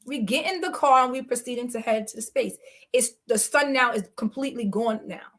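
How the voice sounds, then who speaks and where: A woman guest telling a story in an animated, blunt way. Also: on the high side, fairly quick. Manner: blunt and emphatic, acts out quoted exchanges.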